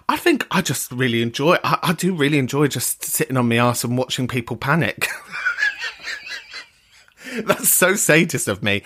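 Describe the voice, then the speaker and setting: A man hosting a podcast, chatting casually and swearing freely in an animated, camp, playful way. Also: medium pitch. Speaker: podcast host. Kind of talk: casual chat reading voice notes.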